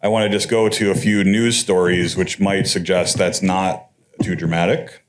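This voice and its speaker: A man is speaking at a conference, and his voice sits somewhat low. He lectures in an easy, conversational way. Now and then he drops a wry, sarcastic aside. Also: little pitch movement, normal speed. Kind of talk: academic lecture.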